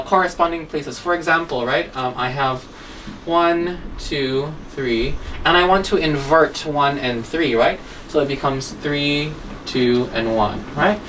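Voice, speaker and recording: Her low voice comes through a distant mic with poor audio and faint room hum as this woman teaches an English grammar lesson. Chatty and explanatory, she keeps asking "okay?" and "right?"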